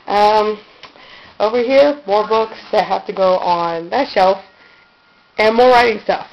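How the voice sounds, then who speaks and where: Woman vlogger, mid-pitched, rambling and giggly, handheld camera in her bedroom. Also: measured pace, muffled recording, slight background noise. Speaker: vlogger giving a room tour. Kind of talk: casual handheld room-tour chat. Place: her own bedroom, indoors. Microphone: handheld camera's built-in mic.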